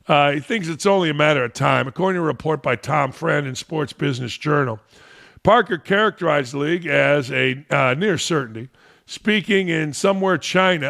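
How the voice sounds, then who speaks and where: A man's voice: on the high side, gravelly, bright, forceful tone. A man hosting a sports talk show, delivering a sarcastic, mocking commentary rant.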